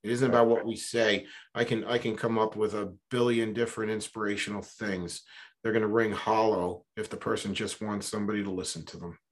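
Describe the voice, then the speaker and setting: A man who is a guest on an interview, a business coach talking in a relaxed, reflective way and telling stories with lots of "you know". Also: on the low side, fairly quick. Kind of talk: conversational storytelling.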